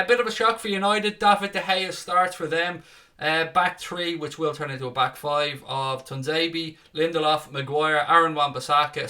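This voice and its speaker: A man's voice: a little high, sharp tone. A man hosting a casual live stream, chatting, swearing freely and reading out viewer comments.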